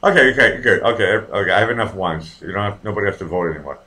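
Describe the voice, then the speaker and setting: Profane, lively man rambling. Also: fairly low pitch, rapid-fire. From Boston, USA. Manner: profane, rambling storyteller with many fillers and restarts. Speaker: livestream host reading viewer comments. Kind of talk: casual live-stream chat.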